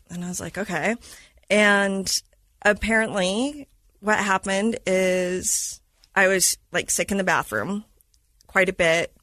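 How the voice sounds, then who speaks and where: A woman who is a mother of school-age kids, a podcast guest telling a personal story in a lively way and acting out what people said. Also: medium pitch, unhurried, no room sound. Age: adult mother of school-age kids. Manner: lively retelling that acts out quoted dialogue.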